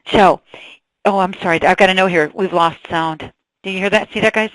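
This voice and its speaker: A woman giving a sales training webinar, energetic and asking her audience questions, on a computer mic. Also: mid-range voice, fairly quick, no room sound, rough recording.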